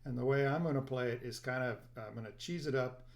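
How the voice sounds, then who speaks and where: A man hosting a ukulele play-along, explaining each song in a soft, casual way with quick bursts and fillers. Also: mid-range voice, vocal fry. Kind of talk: casual instruction between songs.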